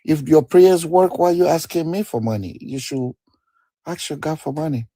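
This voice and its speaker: A man's voice: fairly high pitch, animated, normal speed, mellow, no echo. A man on a live debate stream, speaking in an indignant, repetitive, rambling way.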